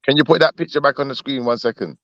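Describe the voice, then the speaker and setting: A man's voice: medium pitch, quick pace, fairly bright tone, no room sound, highs cut off. A man on a live online panel, teasing the others with probing questions and laughing. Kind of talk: casual live panel chat.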